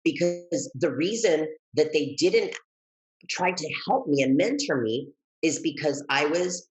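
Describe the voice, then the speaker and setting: A man guesting on an interview, telling his story in a lively, expressive way that jumps high when he gets excited. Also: low-quality recording. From Texas, United States. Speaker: guest, educator and author.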